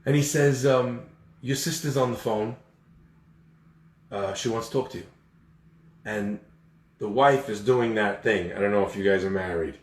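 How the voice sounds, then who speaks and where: A man's voice: on the low side, normal speed, long pauses. A man telling a story in a sermon, acting out the people in it. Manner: animated storyteller acting out voices. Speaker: speaker giving a talk. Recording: echoey room, far from the mic.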